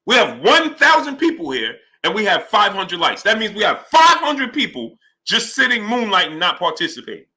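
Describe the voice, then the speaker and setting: A man's voice: high voice, normal speed, hardly any pauses. A man hosting a live boxing talk stream, arguing heatedly and greeting viewers by name. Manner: animated and heated, greets chat names.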